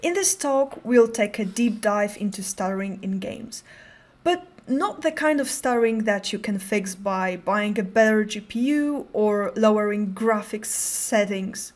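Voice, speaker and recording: A woman's voice: mid-range voice, expressive, a little slow. A young adult woman giving a prepared conference talk, speaking in a careful, controlled way with occasional stutters on sounds.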